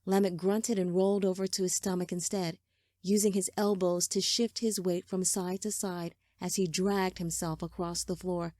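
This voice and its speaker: A woman narrating a fantasy novel in a measured, steady reading style. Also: lowish voice, dry recording, clean studio sound. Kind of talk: scripted audiobook narration.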